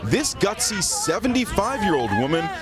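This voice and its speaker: A man reading a broadcast news report in a crisp, emphatic newsreader delivery. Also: high-pitched, sing-song, moderate pace. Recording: news clip with loud music underneath. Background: loud music.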